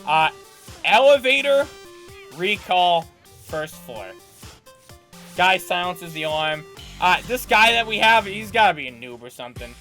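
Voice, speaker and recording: High, bright-voiced man telling a rambling story. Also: unhurried, pauses often, soft background music. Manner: rambling, animated anecdote-telling with restarts and laughter. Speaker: podcast co-host. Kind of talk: casual storytelling chat.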